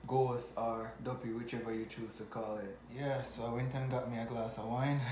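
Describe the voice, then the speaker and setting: A man from Jamaica with a Jamaican accent, telling a personal story to camera in an animated way, often chuckling. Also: medium pitch, normal speed, background noise. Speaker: vlogger. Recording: echoey room.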